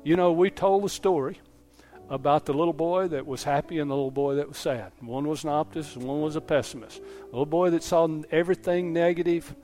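A man's voice: fairly high pitch, steady tone, brisk, dark tone, faint music behind. A man preaching a sermon as pastor in a folksy storytelling way, often asking "Amen?" to the congregation. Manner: folksy preaching, repeats "Amen?", tells stories.

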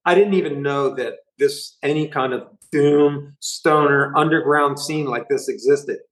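A man's voice: fairly high pitch, measured pace, poor audio. Rambling, swearing middle-aged man. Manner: rambling, profane, animated retelling. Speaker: band musician guest. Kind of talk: casual storytelling interview.

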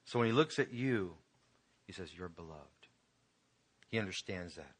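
A man's voice: on the low side, lively intonation, normal speed, slightly rough. A man pastor preaching a conversational sermon to his congregation, building to emphatic peaks.

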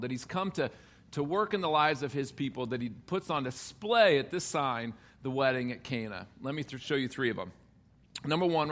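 A man's voice: a little high, a bit bright. A male pastor preaching a conversational sermon to his congregation, joking and acting out the quotes he reads.

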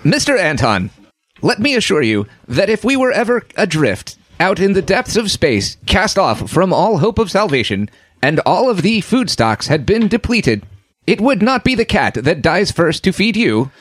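A man's voice: sits high, very animated, moderate pace, fairly bright tone, no echo. A man playing in a tabletop role-playing game, speaking in a dry, mock-formal way. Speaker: player. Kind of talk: tabletop role-play chat.

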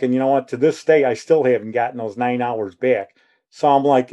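A man's voice: medium pitch, brisk, dark tone. A man in his sixties telling a rambling personal story, acting out the dialogue as he goes.

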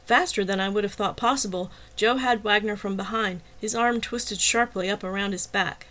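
A woman narrates a novel in the first person, reading with a steady, expressive delivery. Her voice sits at a middle pitch for a woman. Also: moderate pace, rough recording. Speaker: audiobook narrator.

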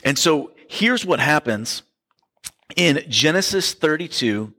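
A man's voice: on the high side, animated, slow, bright, forceful tone. A man preaching a sermon, retelling a story in a casual, joking way. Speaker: pastor. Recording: long hall reverb.

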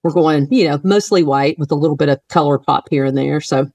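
A woman's voice: low-pitched, a little fast, dry recording. Woman, podcast co-host, casual chat, laughs a lot, dry sound, slightly distant. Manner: chatty, laughs often, animated asides.

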